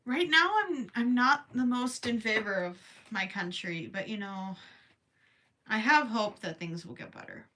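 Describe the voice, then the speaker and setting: A woman's voice: on the high side, measured pace, pushed and bright. Giggly young woman with Minnesotan accent. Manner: giggly, chatty, reading viewer comments aloud. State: tired, voice strained late at night. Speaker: livestream host. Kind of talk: casual livestream chat while crocheting.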